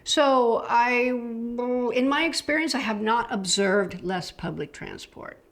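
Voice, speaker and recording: A woman's voice: on the high side, slow. A middle-aged woman from the United States chatting casually about travel, enthusiastic and loose, with frequent fillers. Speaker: travel vlogger.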